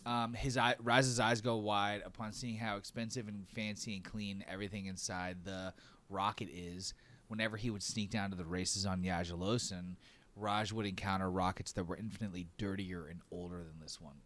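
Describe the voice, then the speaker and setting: A man's voice: lowish voice, steady tone, normal speed, fairly bright tone. A man narrating as game master of a tabletop role-playing game, describing scenes with fillers.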